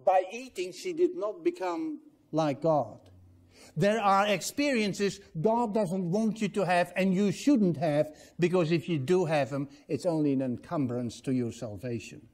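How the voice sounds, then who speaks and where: A man's voice: high-pitched, unhurried, darkish tone. A man preaching a sermon as pastor in a church, emphatic and putting rhetorical questions to the congregation.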